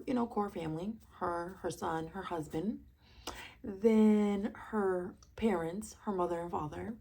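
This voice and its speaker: A woman talks through a reality TV episode in a casual, gossipy review, tossing out sassy asides and rhetorical questions. Her voice carries a gravelly fry and a husky edge. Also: medium pitch, darkish tone.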